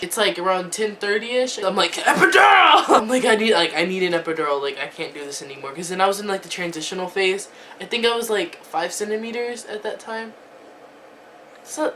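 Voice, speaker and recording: A woman's voice: lowish voice, fairly bright tone, recorded from a distance, a little hiss or hum. A teenage girl telling a storytime vlog, chatty, filling her talk with "like" and "um". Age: teens. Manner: chatty, lots of "like" and "um", laughing asides. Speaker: vlogger.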